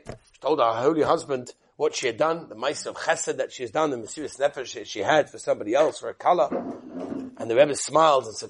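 A man teaching a Torah lesson, telling a story in an animated way and acting out the voices. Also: mid-range voice, fast, a little hiss or hum.

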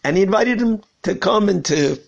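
A man's voice: sits high, expressive, normal speed, vocal fry, lo-fi sound. A man from Washington, D.C., giving a conversational Torah lesson as a rabbi, earnest and telling a story with repeated phrases. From Washington, D.C., USA. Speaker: rabbi teaching.

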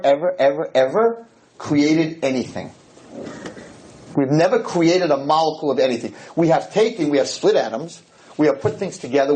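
A man giving a humorous storytelling lecture to a live audience, talking in an animated, joking way with sudden jumps in pitch. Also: slight background noise, poor audio.

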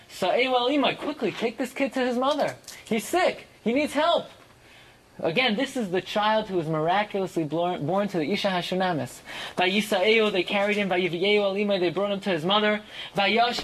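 Torah class teacher, reads Hebrew lines then English, mid-pitched, dramatic, emphatic rises. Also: a bit bright, poor audio. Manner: reads Hebrew phrases and translates each into English; dramatic, swings sharply up for emphasis. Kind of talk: verse-by-verse Bible class.

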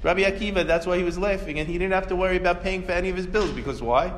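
A male religious teacher with a slightly high voice, spinning stories and firing rhetorical questions at his class. His voice carries a long hall reverb. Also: racing, a little hiss or hum. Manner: animated storytelling with rhetorical questions. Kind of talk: Torah class lecture.

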